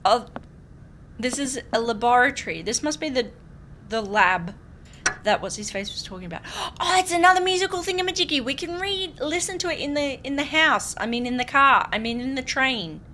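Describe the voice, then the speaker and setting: Bright, bubbly Australian woman. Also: high-pitched, animated, fairly quick, a little hiss or hum. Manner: bubbly, giggly, chatty with viewers. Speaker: game streamer. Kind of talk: casual let's-play chat.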